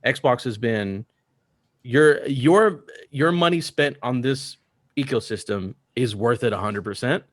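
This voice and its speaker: A man's voice: medium pitch, slow pace, no room sound, studio quality. Rambling tipsy guy on a podcast. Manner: rambling, enthusiastic. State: drunk. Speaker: podcast co-host. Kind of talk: casual chat.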